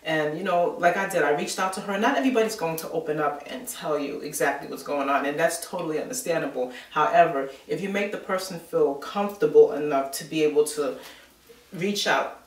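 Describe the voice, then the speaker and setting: A woman's voice: low-pitched, brisk. Chatty New woman in a roomy space. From New York. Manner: chatty storyteller, many filler words. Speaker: vlogger. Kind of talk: casual chat. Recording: roomy sound from a distant mic.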